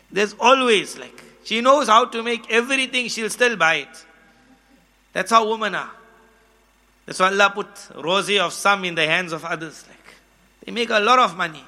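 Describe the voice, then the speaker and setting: A man's voice: high voice, pushed and bright. A man preaching a sermon in a chatty, humorous way, telling a story and acting out its dialogue.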